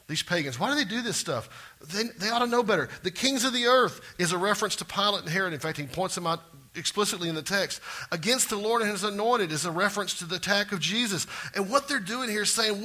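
Animated, bright-voiced middle-aged preacher man. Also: high-pitched, fast talker. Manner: animated, swings between soft asides and loud exclaiming. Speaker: pastor. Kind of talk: sermon.

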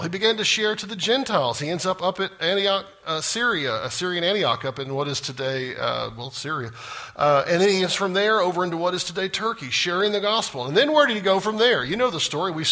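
A man's voice: fairly high pitch, bright, forceful tone, slightly rough. A man preaching a sermon. He keeps quizzing the congregation as he goes. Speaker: pastor.

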